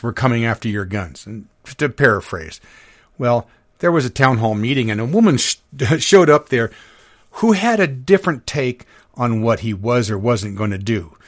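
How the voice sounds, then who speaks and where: A man's voice: mid-range voice, dry recording, clean studio sound. A man hosting a podcast, talking loosely about politics, with frequent fillers and restarts. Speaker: podcast host. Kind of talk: casual political talk.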